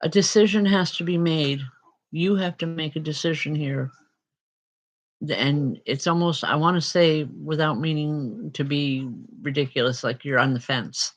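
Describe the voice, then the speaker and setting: A woman working as a spiritual medium, giving readings. She calls people by name and passes on spirit messages in a reassuring way. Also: deep voice. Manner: addresses people directly by name.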